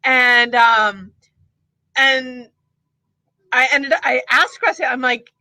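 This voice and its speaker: A woman's voice: high voice, takes it slowly, long pauses, sharp tone, no echo. Woman cohost rambling thoughtfully, lots of um and like, dry close sound. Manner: reflective, rambling with many fillers. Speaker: podcast co-host. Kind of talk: casual podcast chat.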